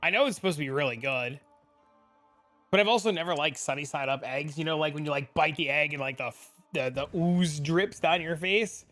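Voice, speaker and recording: A man's voice: fairly high pitch, a little fast, fairly bright tone, faint music behind. A man streaming a game from a home room with a green screen, talking casually and rambling, swearing freely as he answers chat.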